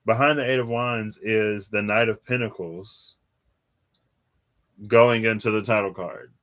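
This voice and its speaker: A man's voice: fairly low pitch, a little slow, a bit bright. A man doing a casual live tarot reading, chatty and given to laughing and wandering off into asides. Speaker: tarot reader.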